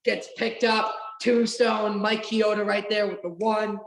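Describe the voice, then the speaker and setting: Excited, rambling woman in a roomy room. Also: mid-range voice, unhurried. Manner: excited, rambling storytelling with swearing. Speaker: guest. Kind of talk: casual podcast chat. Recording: roomy echo.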